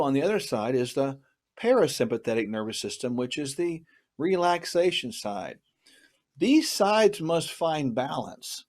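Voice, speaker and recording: A middle-aged man co-hosting a health talk show, explaining in an earnest, emphatic teaching tone. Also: mid-range voice. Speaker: co-host.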